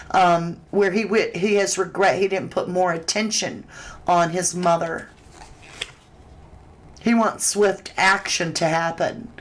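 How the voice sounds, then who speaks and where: A woman's voice: on the low side, a little hiss or hum, rough recording. A woman hosting a live tarot reading, chatting through viewers' questions in a conversational way. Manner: chatty and conversational, with frequent restarts and fillers. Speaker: tarot reader host.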